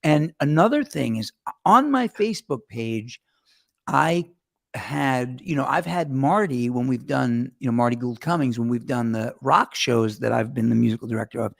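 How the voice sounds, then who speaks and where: A man from Long Island hosting a talk show, telling stories in an animated way and acting out what people said. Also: medium pitch, moderate pace, vocal fry. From Long Island, New York. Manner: animated storyteller, acts out quotes. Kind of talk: casual chat interview.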